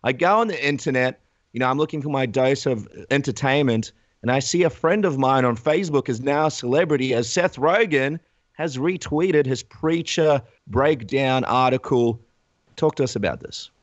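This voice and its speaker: A man's voice: mid-range voice, moderate pace, no echo. Upbeat radio host man, dry and dull. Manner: upbeat, promotional. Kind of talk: radio show hosting. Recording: dull lo-fi audio.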